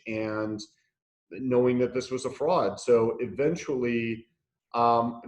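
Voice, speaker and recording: A man's voice: mid-range voice, reverberant. A man telling his story as an interview guest, blunt and profane, laughing through the funny parts. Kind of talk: candid conversational storytelling.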